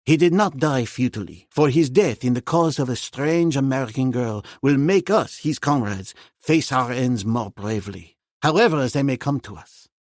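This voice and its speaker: A solemn, earnest French officer, as a narrator plays him. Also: male voice, mid-range voice, expressive, normal speed, few pauses, a little mellow, no echo, clean studio sound, lightly acted. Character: grieving loyal young French officer, man.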